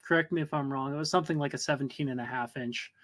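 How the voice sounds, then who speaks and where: A man's voice: medium pitch, fairly even intonation, rapid-fire, fairly bright tone. A man co-hosting a podcast, reflecting aloud in a casual, thoughtful way. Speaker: podcast co-host. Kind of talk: casual conversation.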